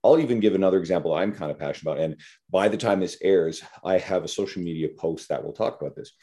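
A man's voice: low-pitched, fast, mellow. A man hosting a podcast, talking bluntly and animatedly about coaching, swearing freely. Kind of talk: casual podcast conversation.

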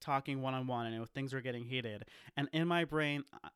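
A man's voice: mid-range voice, brisk, a bit bright, smooth, dry recording. Male podcast host, casual rambling storyteller; clean, dry, close sound. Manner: rambling, full of "like" fillers, laughs often.

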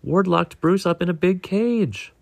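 A man's voice: lively intonation, unhurried, no echo. A man reading a storybook aloud and voicing a brave, eager young male clownfish in a raised, urgent voice. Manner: high, urgent cries.

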